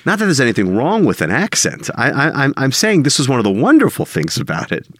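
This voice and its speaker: A man, a songwriter and producer, talking casually as an interview guest, telling lively stories and laughing often. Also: medium pitch, quick pace, no room sound. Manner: animated storyteller, laughs often, mimics singers.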